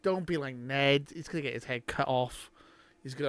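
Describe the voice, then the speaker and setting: A man doing live reaction commentary, talking back at the screen and swinging between low mutters and excited shouts. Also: unhurried, long pauses. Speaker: reaction video host.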